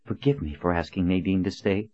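A man reading a stern, calm woman leader. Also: low-pitched, brisk, voice pushed up. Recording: dull lo-fi recording.

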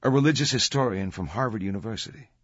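A composed, direct young woman, as a male narrator puts her on, lifted a little higher than his low husky voice. Polite and plain, on a dry, somewhat dull recording. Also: fast talker, a bit bright, dry recording. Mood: earnest.

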